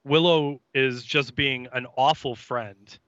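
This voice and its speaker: Bright-voiced man on a dry, dull mic. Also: mid-range voice, fairly even intonation, slow pace, no echo. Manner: chatty, hesitant, many fillers and voiced quotes. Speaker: podcast co-host. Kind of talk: casual recap chat.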